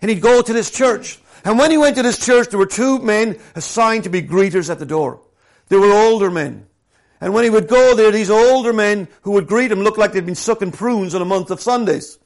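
A man preaching a sermon. He drops to hushed, slow scripture reading and then builds to loud, lively storytelling. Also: sits high. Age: adult, former professional soccer player.

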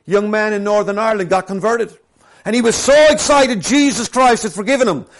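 A man preaching a sermon. He drops to hushed, slow scripture reading and then builds to loud, lively storytelling. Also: high voice. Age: adult, former professional soccer player.

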